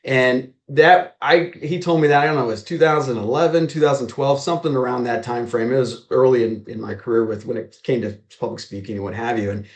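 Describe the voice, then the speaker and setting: A man's voice: mid-range voice, reverberant. A man from Maryland, a real estate agent, telling stories as a podcast guest and acting out the dialogue he quotes. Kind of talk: storytelling in a podcast interview.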